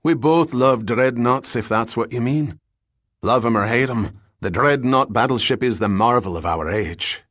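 A man's voice: medium pitch, measured pace, fairly bright tone, no room sound, clean studio sound. A man voicing a big, jovial, drunk Scottish ex-boxer in his forties, with a Scottish accent and a hearty, rolling way of talking. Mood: genial. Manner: hearty, evasive, rolling speech.

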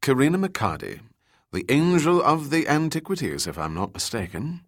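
A man voicing a tall, middle-aged, gallant gentleman with formal, courtly speech in an audiobook. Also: mid-range voice, big pitch swings, moderate pace, pitched above the performer's own voice.

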